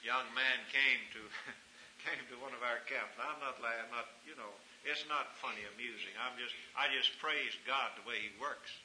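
A man preaching a sermon, fervent, swinging from hushed tones to shouting. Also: mid-range voice, fairly even intonation, moderate pace. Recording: echoey room recording with hiss.

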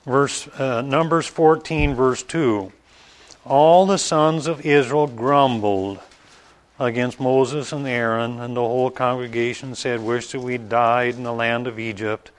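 A man preaching an informal Bible study in a conversational, halting way, with many restarts and asides. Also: mid-range voice, little pitch movement. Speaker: pastor.

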